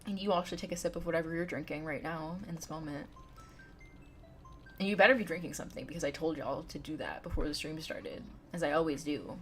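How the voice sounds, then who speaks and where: A woman's voice: low voice, fast talker, a bit bright, faint music behind. A woman live-streaming a game from home, chatting and giggling as she talks straight to her chat. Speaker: livestreamer.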